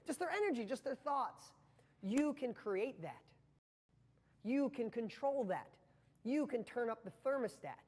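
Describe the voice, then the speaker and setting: A man's voice: very high-pitched, animated, normal speed, in a large hall. A man giving a live motivational training talk to viewers, speaking with passion and a rambling flow full of restarts.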